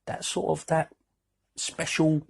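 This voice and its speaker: A man's voice: on the high side, level tone, takes it slowly, creaky, a little mellow, breathy edge. A British man in his forties hosting a gaming podcast, chatting in a jokey, rambling way. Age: 40s. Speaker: podcast host. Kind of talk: casual podcast chat.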